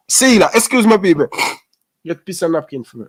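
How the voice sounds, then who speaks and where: A man's voice: sits high, a little slow, vocal fry, breathy edge, dry recording. A man with a Jamaican accent in heated casual sports talk on a podcast, calling his co-host "brother" over and over. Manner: animated, repeats "brother" often.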